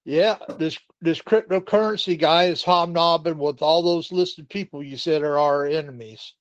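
A man's voice: on the high side, moderate pace, no echo, lo-fi sound. A man calling in to a political talk show, blunt and indignant. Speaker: caller.

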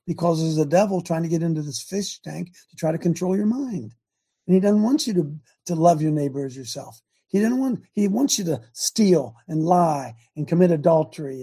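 An older American man talks in a gravelly, very dark voice with a husky edge. He preaches his views emphatically, repeating words and circling back mid-sentence. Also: fairly high pitch. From United States. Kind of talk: opinionated Christian talk.

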